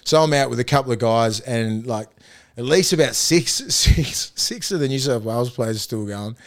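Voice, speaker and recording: Speaking at a moderate pace in a mid-range voice, this Australian former rugby league player rambles through profane stories on a relaxed podcast. He laughs frequently as he goes.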